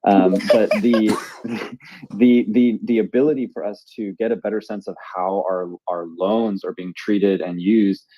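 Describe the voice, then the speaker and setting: A man's voice: lowish voice, fairly even intonation, measured pace, dark tone, dry recording, highs cut off. A man co-hosting a casual podcast chat, rambling with fillers and restarts. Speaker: podcast co-host.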